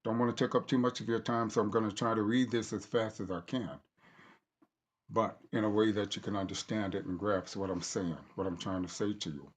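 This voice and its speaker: A man reading aloud from a book he wrote, deliberate and halting, stopping to correct himself. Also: fairly low pitch, steady tone. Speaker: author reading his own book.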